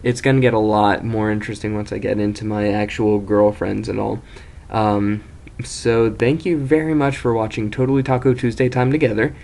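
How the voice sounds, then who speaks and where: A man's voice: fairly low pitch, fairly even intonation, normal speed, vocal fry, darkish tone. A young man casually telling an embarrassing story as host of his own video series, rambling, self-mocking and swearing freely.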